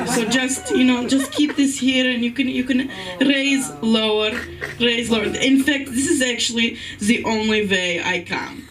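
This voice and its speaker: A woman's voice: a little high, moderate pace, distant mic, a crowd in the background, low-quality recording. Giggly, rambling woman at an open mic. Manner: giggly, rambling, self-deprecating. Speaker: stand-up comedian. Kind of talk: stand-up comedy. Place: live open mic night at a comedy venue. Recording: off-mic voice with faint room noise.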